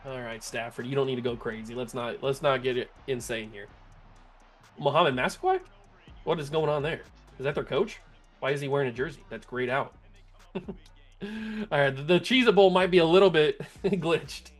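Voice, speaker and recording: A man hosting a gaming channel, giving play-by-play commentary on his video game, laughing often and yelling in disbelief at glitches. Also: mid-range voice, moderate pace, pauses often, soft background music.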